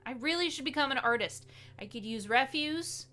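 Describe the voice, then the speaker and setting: Playful, higher-voiced woman player. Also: animated, sharp tone. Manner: playful, jokey, quick asides. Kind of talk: tabletop role-play chat.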